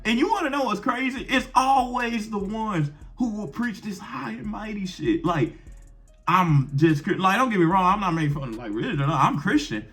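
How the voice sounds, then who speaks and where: A man's voice: sits high, pushed and bright. A young man giving blunt, profane relationship advice to camera in brash slang, firing off rhetorical questions. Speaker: advice vlogger.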